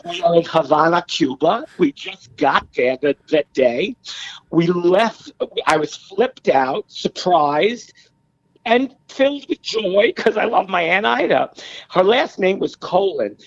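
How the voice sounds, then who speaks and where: A man's voice: sits high, slow pace, creaky, no echo, dull audio. A middle-aged American man, a podcast guest, telling stories casually and acting out the voices of the people in them. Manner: animated, acts out quoted voices. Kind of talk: casual storytelling.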